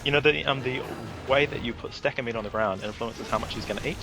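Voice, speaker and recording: A man's voice: mid-range voice, quick pace, music in the background. A man with a New Zealand accent, a podcast guest chatting casually over gameplay and explaining things at length.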